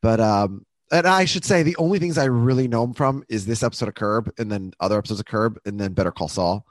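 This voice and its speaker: A man co-hosting a podcast, chatting casually about a TV episode with quick laughs and self-correcting asides. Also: on the low side, no room sound, clean studio sound. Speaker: podcast co-host.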